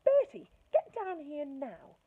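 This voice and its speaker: A woman's voice: medium pitch, animated, normal speed, pitched above the performer's own voice, close to an everyday voice. Woman doing a stern sarcastic mum. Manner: firm, dryly sarcastic. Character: stern no-nonsense mother. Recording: tinny phone-like sound.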